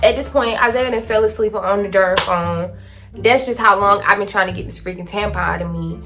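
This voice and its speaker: An eighteen-year-old woman vlogger telling a dramatic storytime to her phone camera, animated and full of slang. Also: mid-range voice, brisk, music in the background.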